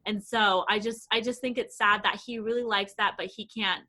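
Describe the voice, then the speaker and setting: A woman's voice: mid-range voice, fairly even intonation, sharp tone. A woman in her thirties, a guest on a podcast, talking eagerly about her language program with lots of restarts and fillers. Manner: enthusiastic, quick, many restarts and "like". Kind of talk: casual podcast interview.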